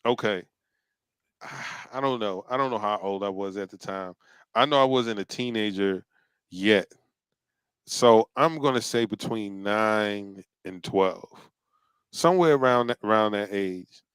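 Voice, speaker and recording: Smooth-voiced man, relaxed halting storyteller. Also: lowish voice, dry recording. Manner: relaxed, halting, many fillers. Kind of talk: casual storytelling chat.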